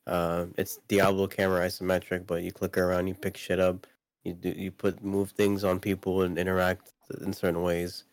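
A man's voice: sits low, completely flat delivery, moderate pace, dry recording. A man co-hosting a casual podcast chat about video games, rambling with lots of fillers and restarts. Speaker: podcast co-host.

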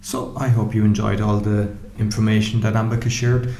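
Guy hosting a podcast, lowish warm voice, lots of uhs. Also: little pitch movement, a little fast, slight background noise. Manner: hesitant, many "uh" fillers. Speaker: podcast host. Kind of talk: podcast interview.

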